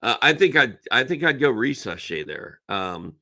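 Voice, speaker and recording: A man's voice: mid-range voice, very animated, unhurried, bright, forceful tone. A middle-aged man hosting a casual live-stream Q&A. He reads viewers' questions aloud, then gives blunt, emphatic advice. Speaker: fantasy basketball analyst hosting a live Q&A.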